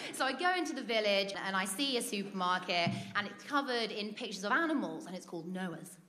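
A woman's voice: medium pitch, expressive, normal speed, pushed and bright. A British woman telling a comic personal story, chatty and laughing often, acting out what people said. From Britain.

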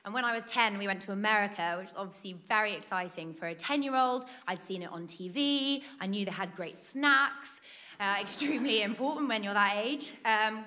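A woman's voice: medium pitch, sharp tone. A British woman telling a comic personal story, chatty and laughing often, acting out what people said. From Britain.

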